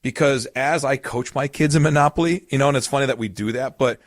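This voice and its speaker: Man, retirement coach, podcast host, casual explainer, storytelling, mid-pitched, dry close mic. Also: fast talker, no room sound. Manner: explanatory, storytelling with everyday examples.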